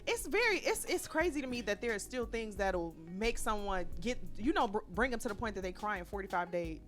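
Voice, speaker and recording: A woman's voice: medium pitch, brisk, soft background music. Chatty young woman co-hosting a talk show. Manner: animated, chatty storytelling. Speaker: podcast co-host. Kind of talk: casual radio chat.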